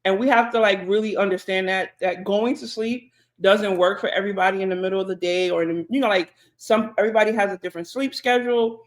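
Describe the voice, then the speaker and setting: A woman co-hosts a podcast. She talks in a relaxed, chatty way, full of fillers and side remarks. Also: mid-range voice, fast talker, few pauses. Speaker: podcast co-host. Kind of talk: casual podcast chat.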